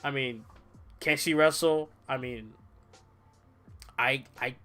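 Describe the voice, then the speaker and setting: A young man reviews a wrestling show casually on a livestream, rambling, swearing and tired from little sleep. He's animated and mimics people in quotes, speaking slowly in a mid-range voice over soft background music.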